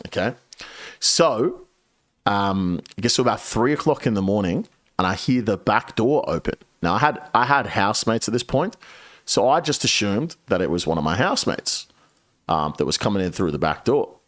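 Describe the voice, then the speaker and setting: A man streaming and telling a long story to his chat, casual and profane, with lively shifts into the voices of the people he quotes. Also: moderate pace. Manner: animated, profane, swings pitch when quoting people.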